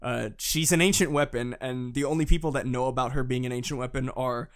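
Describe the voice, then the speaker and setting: A young man co-hosting a casual fan podcast, excitable, laughing often and swearing as he recaps. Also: mid-range voice, fairly quick. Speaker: podcast co-host.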